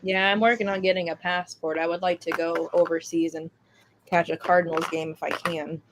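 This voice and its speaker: A woman's voice: fairly low pitch, little pitch movement, a little fast, background noise. A woman co-hosting a sports podcast in casual chat, frank and joking with crude language, talking while eating. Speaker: podcast co-host. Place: restaurant, eating.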